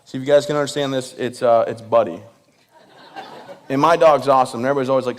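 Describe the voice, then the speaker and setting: A man's voice: medium pitch, very fast. A man from Michigan, a veteran, telling a comic story on stage in a joking, self-deprecating way while speaking straight to the audience. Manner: addresses the audience directly. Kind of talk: stand-up comedy storytelling.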